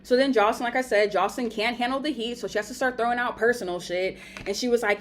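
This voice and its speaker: A woman's voice: fairly high pitch, fast talker, hardly any pauses, slight background noise. Blunt, profane young woman reviewer. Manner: blunt and profane, animated retelling. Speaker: reality show reviewer. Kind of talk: casual recap commentary.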